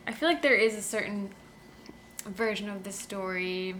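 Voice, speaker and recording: A woman co-hosting a casual podcast about a book, chatty and quick to laugh. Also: medium pitch, a little hiss or hum. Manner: giggly, animated, reads passages aloud. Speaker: podcast co-host. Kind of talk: casual book discussion chat.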